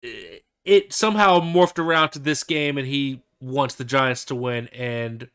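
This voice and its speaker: Male podcast co-host, bright and crisp, relaxed football banter full of restarts. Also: mid-range voice. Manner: easygoing, halting with fillers and restarts. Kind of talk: casual sports podcast chat.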